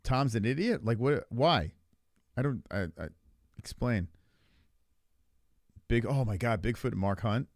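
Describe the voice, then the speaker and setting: Animated, profane man chatting about fights. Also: mid-range voice, unhurried, long pauses, no echo, studio quality. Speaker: podcast co-host. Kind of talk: casual chat about fights.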